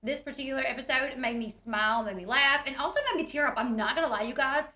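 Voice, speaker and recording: A woman's voice: sits high, quick pace, bright, forceful tone, roomy sound. A woman, retelling reality TV scenes in a chatty, giggly way and acting out the quotes. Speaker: recap host. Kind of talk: casual reality TV recap.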